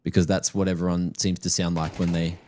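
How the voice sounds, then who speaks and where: A man's voice: sits low, flat delivery, brisk, a little mellow, slight background noise. A man casting a live esports match with play-by-play and playful, teasing asides. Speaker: esports caster.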